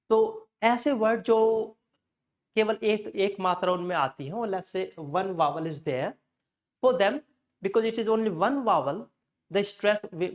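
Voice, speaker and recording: High-voiced teacher. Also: male voice. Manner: drills contrasting pairs of pronunciations, chatty asides. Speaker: English pronunciation teacher. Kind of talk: spoken lesson on word stress.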